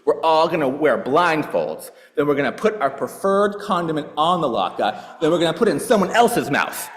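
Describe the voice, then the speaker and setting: A man's voice: on the high side, sing-song, normal speed. The wise man of Chelm, as a man puts him on, smug village sage. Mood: scheming. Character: self-assured foolish old village sage, male. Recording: echoey hall.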